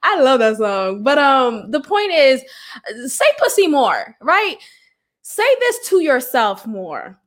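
A woman's voice: high-pitched, very animated, slow pace. A young adult woman hosting a podcast, talking bluntly and frankly with swearing and laughs. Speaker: podcast host. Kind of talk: candid solo podcast talk.

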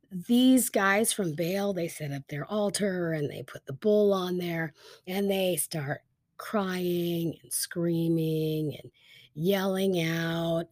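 A woman teaching a Bible story in a casual, lively storytelling way, with frequent fillers like "um" and "like". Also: on the low side, no room sound, studio quality.

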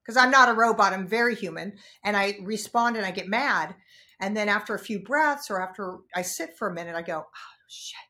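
A woman talking as a podcast guest, telling personal stories frankly and animatedly, jumping from loud outbursts to hushed asides. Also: mid-range voice, fairly quick. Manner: frank, casual swearing. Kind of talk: candid conversational storytelling.

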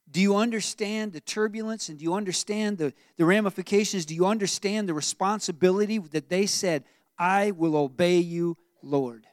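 A male pastor preaching to his congregation, his voice sitting high for a man. He tells the story with animated asides and keeps asking the room questions. The sound is dry and close. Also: moderate pace, no room sound. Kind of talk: sermon.

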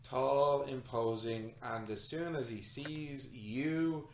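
A man runs a tabletop game, narrating scenes in a loose, rambling way full of fillers and restarts. His voice sits at an ordinary middle pitch. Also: slow, roomy sound, heavy background noise. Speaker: game master.

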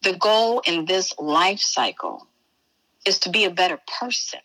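Woman from chicago, spiritual teacher guest, emphatic folksy talk, lowish voice, forceful tone. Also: unhurried, rough recording. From Chicago, USA. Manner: emphatic, folksy, calls listener baby and honey. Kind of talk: casual interview chat.

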